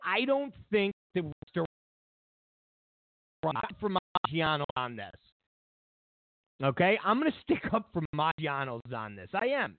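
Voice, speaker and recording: A man's voice: sits high, big pitch swings, normal speed, pauses often, no echo, narrow, tinny audio. A man hosting a political commentary show, ranting sarcastically and incredulously, stammering through restarts.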